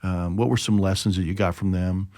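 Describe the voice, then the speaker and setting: Low-voiced chatty podcast host, man. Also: steady tone, a little fast, darkish tone, no room sound, clean studio sound. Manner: chatty, tells jokes with acted voices. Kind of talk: casual podcast conversation.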